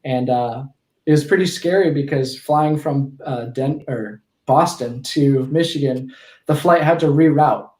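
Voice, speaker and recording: This twenty-something podcast guest has a mid-range, slightly mellow voice and speaks unhurriedly in an echoey room. He's casually telling stories in conversation, frequently restarting and self-correcting as he goes.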